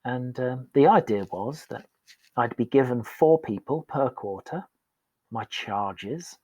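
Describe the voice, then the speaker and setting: Husky man telling his story. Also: medium pitch, expressive, takes it slowly, darkish tone, dry recording. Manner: frank and self-deprecating, acts out past dialogue. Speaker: podcast guest, performance coach. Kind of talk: candid storytelling in conversation.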